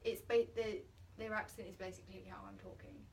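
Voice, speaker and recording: A woman's voice: medium pitch, fairly even intonation, a little fast. Young woman, student in a group discussion, hesitant with fillers; recorded at a distance, faint background hum. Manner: hesitant, many fillers and restarts. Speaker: drama student.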